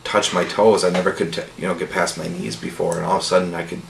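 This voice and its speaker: Deep gravelly man telling his testimony. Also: little pitch movement, fast talker. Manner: earnest, rambling with frequent "you know" and soft laughs. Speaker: testimony speaker. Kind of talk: casual testimony storytelling. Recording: echoey room with faint noise.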